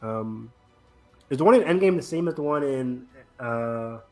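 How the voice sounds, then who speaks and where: A man's voice: mid-range voice, animated, a little slow, faint music behind. A man hosting a casual podcast chat, talking eagerly with many fillers. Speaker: podcast host.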